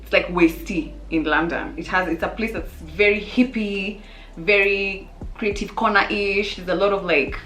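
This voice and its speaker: A young woman and channel host telling a funny story casually to camera, animated and lively, jumping into high exclamations. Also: normal speed. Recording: roomy echo with faint music.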